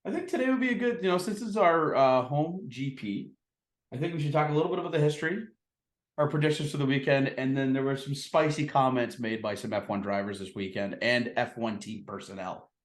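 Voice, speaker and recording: A man's voice: mid-range voice, brisk, roomy sound. A man from Canada co-hosting a podcast, chatting in a loose, jokey way. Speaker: podcast co-host. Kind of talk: casual chat.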